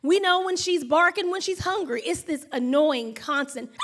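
A woman's voice: very high voice, normal speed, hardly any pauses. A woman, preaching a sermon in a chatty storytelling way and talking to the congregation as y'all and honey. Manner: chatty, animated storytelling with laughs and acted-out noises. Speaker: pastor.

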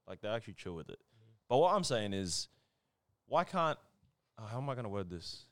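A man's voice: on the low side, sing-song, a little fast, a bit bright, no echo. A man in casual podcast chat, talking earnestly and ramblingly, swearing casually. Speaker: podcast co-host.

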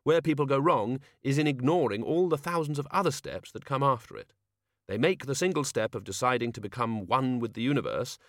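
A man reading a novel aloud as an audiobook narrator, wry and expressive. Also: mid-range voice, no echo, clean studio sound. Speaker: audiobook reader.

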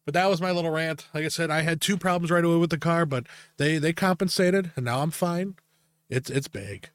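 A man's voice: fairly high pitch, brisk, smooth, no room sound. Guy ranting on a podcast, swears a lot, laughs at his own jokes, dry sound. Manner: crude, laughing, rant-style storytelling. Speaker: podcast host. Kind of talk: casual chat.

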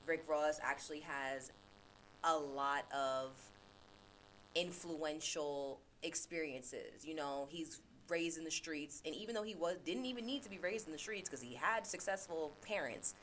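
A woman's voice: low voice, a bit bright, slight background noise. A woman hosting a podcast, talking casually and earnestly about self-reflection, repeating phrases for emphasis. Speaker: podcast host; teacher. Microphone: laptop.

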